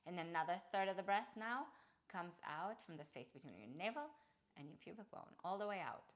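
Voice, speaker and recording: A woman teaching a yoga breathing practice, guiding listeners calmly through each step with gentle restarts. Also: on the low side. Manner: calm, slow guiding voice with soft restarts. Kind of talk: guided breathing instruction.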